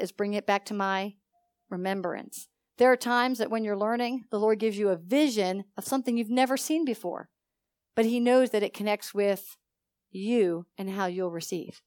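A woman's voice: mid-range voice, a little mellow, dry recording. Woman preacher, teaching sermon with testimony, questions to the congregation, dry close sound. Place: church.

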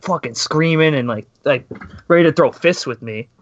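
A man's voice: on the high side, moderate pace. A young man telling a story to his friends in casual chat, quoting his own lines and others' as dialogue. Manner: chatty, quotes himself in dialogue. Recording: dry, dull lo-fi sound.

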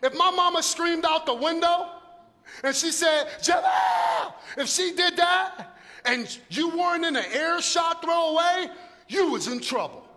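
Middle-aged male pastor, very high bright voice, jokey and animated sermon; big echoing church hall. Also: unhurried. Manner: animated, humorous, conversational, shouting for emphasis. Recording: long echo of a large hall.

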